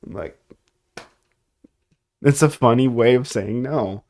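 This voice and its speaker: A man hosting a casual chat show, laughing often and breaking into loud bits. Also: mid-range voice, a little slow, long pauses. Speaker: podcast host.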